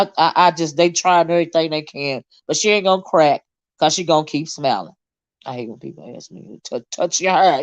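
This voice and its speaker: A woman's voice: low voice, no echo, dull audio. A woman hosting a casual livestream and reading her chat, blunt and swearing freely, with a habit of repeating herself.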